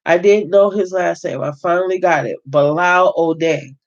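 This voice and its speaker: A man reads a novel aloud in a fairly high voice. He keeps a steady pace but stumbles now and then and corrects himself. The recording is muffled and lo-fi. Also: moderate pace. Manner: steady reading with occasional stumbles and self-corrections. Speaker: host reading a novel aloud.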